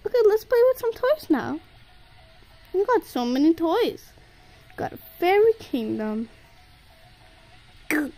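A woman's voice: very high-pitched, sing-song, unhurried, long pauses, mellow, faint music behind, rough recording. A woman narrating playful pretend play with toys, talking in a sing-song way to a toy baby.

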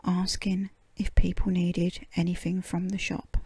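Woman reading a storybook in a slow whisper. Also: fairly low pitch, monotone, slightly rough, dry recording. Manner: soft hushed half-whisper. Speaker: storybook reader.

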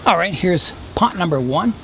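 A man casually explaining his bonsai work as he goes, relaxed and thinking aloud with a few fillers. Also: high voice, moderate pace, slight background noise. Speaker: bonsai hobbyist vlogger. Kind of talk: casual how-to narration.

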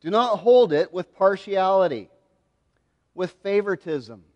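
A man's voice: high-pitched, a little slow, lo-fi sound. A man preaching a sermon to his congregation, asking them to answer back and acting out scenes as he goes. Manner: animated preaching with call-and-response to the congregation. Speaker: pastor. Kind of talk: expository sermon. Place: church sanctuary. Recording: long hall reverb.

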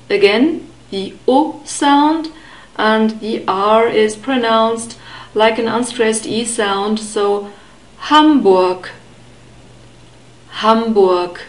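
A woman teaches pronunciation at a very slow, unhurried pace, her voice a little on the high side. She enunciates each word carefully and repeats it for the listener. The sound is roomy, with a noticeable echo around her. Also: fairly even intonation. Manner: careful, deliberate enunciation with repeated model words. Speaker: language teacher.

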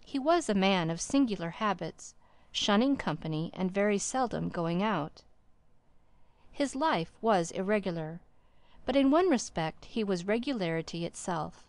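Woman narrator, audiobook reading, measured and formal, mid pitch, dry close recording. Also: lively intonation, no echo.

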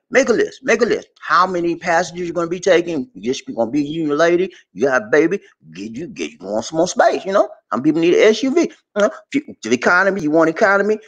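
Animated joking man vlogging. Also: high-pitched. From USA. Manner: loose, joking, streetwise slang, laughs often. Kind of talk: casual advice monologue.

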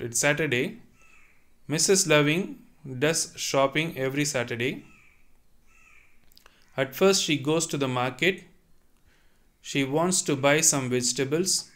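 A man's voice: on the high side, fairly bright tone. A man teaching a French lesson, reading sentences and then translating and repeating them patiently. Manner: slow and deliberate, repeats and explains each line. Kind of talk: online language lesson.

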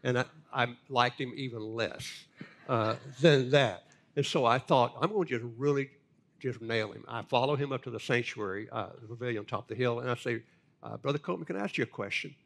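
An older man, a pastor telling folksy stories in a lively, animated way. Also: mid-range voice, moderate pace. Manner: animated, folksy storyteller with big laughs. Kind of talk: storytelling sermon talk.

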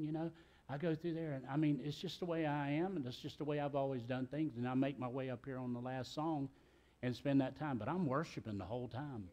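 A man's voice: mid-range voice, a little fast, darkish tone, highs cut off. A middle-aged man, preaching a sermon in a church in a folksy, talkative way with joking asides. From South Carolina, US. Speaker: pastor. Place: church sanctuary.

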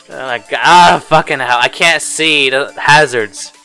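Man, very bright and sharp voice, smooth and clear, let's play commentary, swearing, frustrated yelps, faint game music behind. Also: mid-range voice, measured pace. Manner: swears a lot, loud frustrated outbursts; mutters and groans to himself. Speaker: player commentating custom game levels.

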